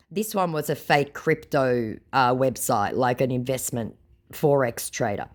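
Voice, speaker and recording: A woman's voice: very deep voice, a little slow. A woman telling a funny story in a sarcastic, mocking way. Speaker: narrator. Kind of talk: comedic storytelling.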